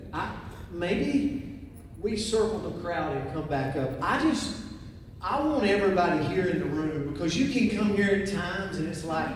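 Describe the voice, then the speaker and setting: A man giving a fervent motivational stage speech at a company conference, rallying the crowd. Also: high-pitched. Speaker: keynote speaker at a company conference. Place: large conference hall on stage. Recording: echoey hall, far from the mic, with crowd. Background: crowd noise.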